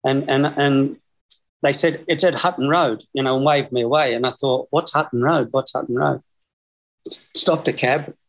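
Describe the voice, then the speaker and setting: Over a video call, an Australian man in his sixties appears as a guest, telling long, rambling stories casually and chuckling throughout. His mid-range voice has fairly even intonation and normal speed.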